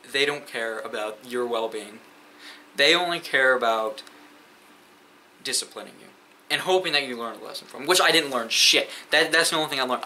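A teenage boy, a sophomore in high school, telling school stories in a rambling, profane way with many fillers. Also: bright, forceful tone, a little hiss or hum, rough recording. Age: teens. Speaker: vlogger. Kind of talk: casual storytime rant.

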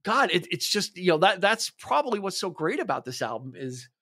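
A man with a somewhat high voice talks at length on a casual music podcast. He is enthusiastic and rambling, with plenty of fillers and restarts as he works through his thoughts. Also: big pitch swings, brisk, fairly bright tone, husky. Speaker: podcast co-host.

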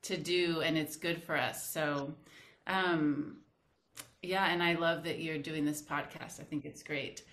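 Woman with a low voice teaching dance. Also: fairly even intonation, measured pace, a bit bright. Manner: counts rhythms aloud in syllables. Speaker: flamenco dance instructor. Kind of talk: teaching a dance move in a casual interview. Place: home, cat on her lap.

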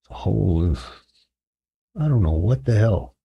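A middle-aged man with a very low, gravelly voice hosts a laid-back livestream chat. He talks in a sarcastic, self-mocking way, answering viewer comments as he goes. The sound is close and dry. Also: animated, measured pace, dry recording, dull audio. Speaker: livestream host chatting with viewers. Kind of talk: casual chat.

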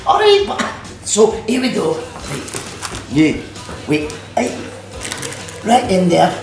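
A slow, gravelly-voiced Scottish man walks through a recipe in a relaxed, chatty way, forever checking in with "all right" and "aye". He sounds far from the mic in a very echoey kitchen. Music plays clearly underneath. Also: high voice. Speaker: cooking show host. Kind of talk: casual cooking demonstration. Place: kitchen at an activity centre.

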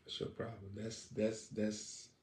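A man's voice: fairly low pitch, level tone, measured pace, darkish tone, a little hiss or hum. A man preaching on a broadcast who jokes, teases his listeners and laughs often. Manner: playful, laughs often, teasing the audience. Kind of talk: joking live-stream preaching. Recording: echoey room, distant mic.

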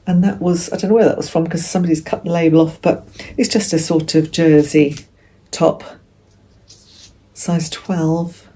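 Chatty English woman, lower voice. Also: steady tone, normal speed, long pauses, mellow. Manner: chatty, rambling, self-correcting. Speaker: vlogger. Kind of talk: casual haul vlog.

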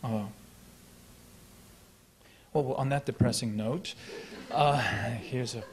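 A man giving a poetry reading at a live event, talking in a halting, reflective way with many fillers and restarts, then reciting his verse in a slow, measured voice. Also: mid-range voice, a crowd in the background. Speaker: poet. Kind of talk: poetry reading with spoken introduction. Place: lecture hall at a live event.

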